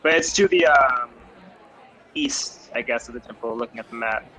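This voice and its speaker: A man's voice: mid-range voice, normal speed, sharp tone, a faint crowd, rough recording. A young man playing a tabletop game, rambling casually with lots of fillers. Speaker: player.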